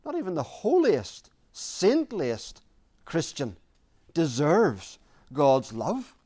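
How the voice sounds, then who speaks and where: A man preaching a sermon, earnest and deliberate, repeating key phrases for emphasis. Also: on the high side, wildly swooping pitch, dark tone.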